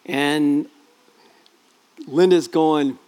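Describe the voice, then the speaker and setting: A middle-aged pastor tells a family story from the pulpit in an easygoing, rambling way. His voice sits fairly high for a man. He keeps restarting his sentences and poking gentle fun at himself. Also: fairly even intonation, extremely slow, smooth. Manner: chatty and self-deprecating, many fillers and restarts. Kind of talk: storytelling sermon.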